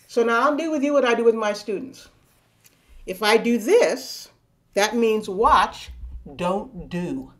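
A woman's voice: on the high side, expressive, takes it slowly, fairly bright tone. Playful woman teaching body percussion. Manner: playful, coaxing, counts and chants rhythms aloud. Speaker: music teacher leading a body percussion lesson. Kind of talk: live online teaching. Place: home room on a video call. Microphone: video call.

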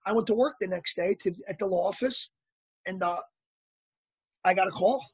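A man telling stories as an interview guest, animated and acting out the people he quotes. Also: high voice, normal speed, breathy edge, no echo. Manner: animated anecdotal storyteller, acts out quotes. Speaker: actor guest. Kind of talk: casual storytelling interview.

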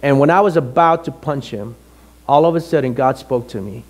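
A middle-aged man, a pastor, telling a personal story in a sermon with animated, emotional delivery. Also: mid-range voice, fairly quick.

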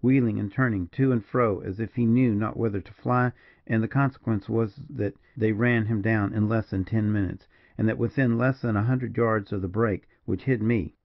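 A man's voice: lowish voice, fairly even intonation, no echo, natural voice. A man as a mournful frontier major. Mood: grim. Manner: slow, mournful, measured. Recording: dull, dry lo-fi recording.

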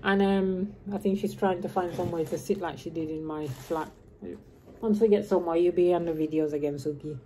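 This vlogger, a woman in her fifties who grew up in Birmingham, England, rambles casually to the camera and drops her H's. Her fairly low voice is dark and steady, a bit fast, with slight background noise.

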